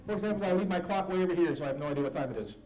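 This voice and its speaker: On a church hall stage, a man with a high, darkish voice races through a comedy gospel magic show for kids, being silly, playful, and self-mocking. The hall is echoey, with music playing behind him.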